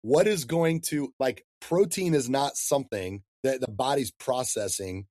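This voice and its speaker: A man in his thirties, a fitness coach talking in a casual podcast interview, animated and slangy, calling people dude and man. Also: medium pitch, measured pace, no room sound, clean studio sound.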